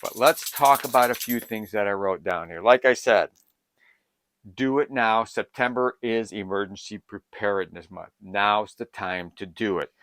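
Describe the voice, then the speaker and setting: Older man, lowish voice, eager and rambling prep advice, dry close recording. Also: normal speed, no room sound. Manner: excitable, rambling, jumps between topics. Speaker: prepping channel host. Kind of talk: casual advice to camera.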